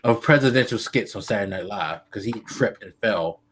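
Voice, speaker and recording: A man co-hosting a casual political podcast, earnest and hesitant, pausing on frequent ums as he works through his points. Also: fairly low pitch, a bit bright, slightly rough. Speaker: podcast co-host.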